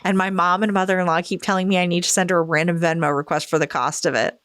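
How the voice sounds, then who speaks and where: A woman's voice: on the low side, fairly even intonation, fast, a bit bright, smooth, no echo, studio quality. A woman podcast host reading a listener's story aloud, expressively acting out the quoted lines.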